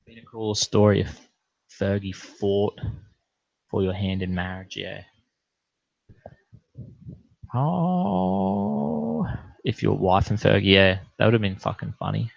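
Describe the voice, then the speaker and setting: A pastor telling a profane, animated anecdote in a casual way. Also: male voice, fairly low pitch, a little slow, creaky, dry recording, lo-fi sound. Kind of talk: casual storytelling.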